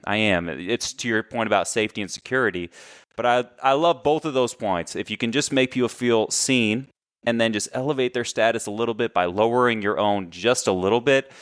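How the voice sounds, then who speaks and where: A man as a podcast guest and coach, talking in casual, animated conversation and telling stories, often correcting himself. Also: medium pitch, brisk, clean tone, dry recording, studio quality. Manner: animated storyteller, chatty, self-correcting.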